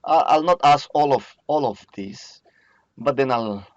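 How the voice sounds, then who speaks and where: Male lecturer, slow drilling delivery, dry lo-fi recording. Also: medium pitch, no room sound. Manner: slow, repeats each word to drill pronunciation. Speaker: Biblical Hebrew teacher. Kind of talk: recorded lecture over slides.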